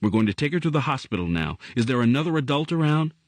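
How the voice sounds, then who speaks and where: A man reading aloud voices a calm adult male paramedic with steady, reassuring speech. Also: mid-range voice, fast talker, dry recording, pitched above the performer's own voice, close to an everyday voice.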